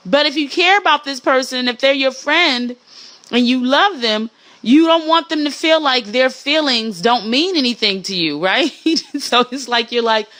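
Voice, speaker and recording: Animated, bright-voiced woman riffing. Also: normal speed. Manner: animated, swinging pitch for emphasis, mimics people she describes. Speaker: podcast host. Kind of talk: casual monologue.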